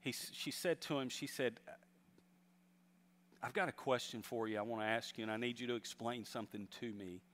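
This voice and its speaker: A man's voice: medium pitch, normal speed, a bit bright. Man preaching in a reverberant hall. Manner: storytelling, rising to emphatic exhortation. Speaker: pastor. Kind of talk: sermon.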